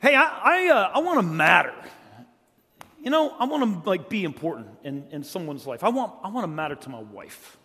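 A middle-aged man from South Carolina preaching in a church, telling funny stories in a casual way and then turning quiet and earnest. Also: high voice, sing-song, brisk, breathy edge. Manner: joking, conversational, swings from loud storytelling to quiet earnest. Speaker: guest preacher. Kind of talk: humorous storytelling sermon. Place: church sanctuary. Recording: long church hall reverb.

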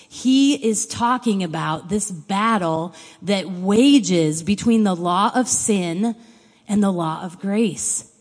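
A woman's voice: mid-range voice, a little mellow. A woman giving a sermon, speaking in an earnest, conversational way and reading scripture aloud. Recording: long hall reverb.

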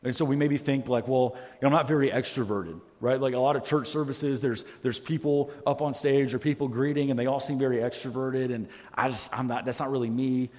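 Man, pastor, sermon, headset mic, earnest, self-deprecating, restarts often, mid pitch, long church reverb. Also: flat delivery, brisk, few pauses, dark tone. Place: church sanctuary. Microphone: headset microphone.

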